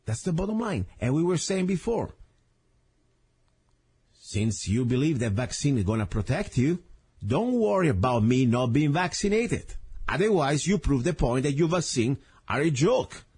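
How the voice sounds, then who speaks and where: A man's voice: fairly high pitch, big pitch swings, moderate pace, darkish tone, breathy edge. A man hosting a talk radio show, delivering an impassioned, blunt, ranting monologue into a studio microphone.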